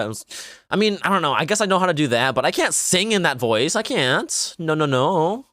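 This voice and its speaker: A man's voice: on the high side, big pitch swings, fast, a bit bright, no room sound, studio quality. A young man streaming live, chatting loosely with lots of "like" while reacting to clips. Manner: casual, rambling, filler-heavy.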